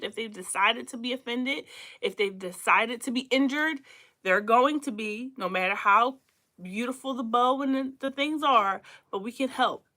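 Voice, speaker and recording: Animated woman teaching, bright-voiced. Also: a little high. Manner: animated, preachy, laughs often. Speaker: host of a relationship talk show. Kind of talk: casual teaching livestream.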